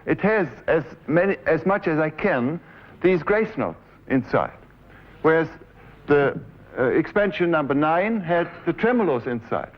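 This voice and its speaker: A man's voice: fairly high pitch, lively intonation, unhurried. A man in his forties with a German accent, a composer giving a lecture who explains his piece step by step and directs the players, sometimes humming the phrases. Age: 40s. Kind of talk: lecture with live musical demonstration. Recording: dull 1970s lecture recording. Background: faint piano music.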